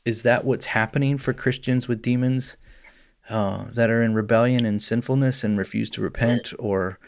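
A man in the middle of his voice range, telling a story on a podcast. He talks casually and keeps it lively, and he often breaks into laughter. His pace and pitch stay at an ordinary everyday level. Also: moderate pace, creaky, a little hiss or hum. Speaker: podcast co-host.

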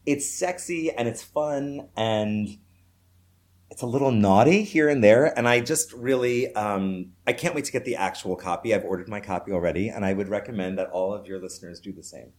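A man's voice: fairly low pitch, moderate pace. A man who is a guest on a podcast, chatting casually and enthusiastically. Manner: enthusiastic, animated. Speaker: podcast guest, children's publisher. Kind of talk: casual interview chat.

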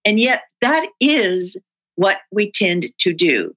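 A woman's voice: medium pitch, takes it slowly, lo-fi sound. A woman guest who trains people in workplace communication, telling stories in a conversational interview and acting out example dialogue. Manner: animated storyteller who acts out example dialogue.

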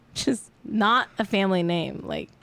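Young woman, podcast host, tipsy, giggly and rambling, very lively pitch. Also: unhurried, vocal fry. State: a little tipsy. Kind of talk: casual chat.

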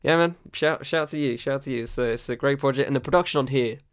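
A young English-accented man hosts a casual music podcast in a mid-pitched voice, recorded dry and close. He chats loosely with slang and frequent laughs, stumbling over restarts as he talks. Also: fast talker, clear, resonant tone, no echo. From England. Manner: chatty, laughs often, stammers on restarts, uses slang. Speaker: podcast host.

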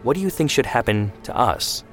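A man voicing a quiet, probing youngest son. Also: medium pitch, fairly quick, soft background music, voice pushed up. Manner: calm, questioning.

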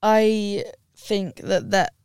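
A young woman co-hosting a podcast, chatting casually and gushing about films she loves. Her voice sits at a middling pitch for a woman. She trails off and restarts her sentences, and the sound is dry and close to the mic. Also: very slow, darkish tone, clear, resonant tone, no room sound. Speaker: podcast co-host. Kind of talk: casual chat.

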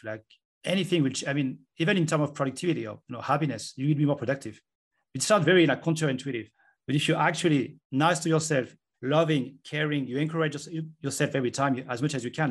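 A man's voice: on the high side, quick pace, husky. A man who is an author, explaining his ideas earnestly in a conversational interview. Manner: earnest, explanatory, talks himself through examples. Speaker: author and guest.

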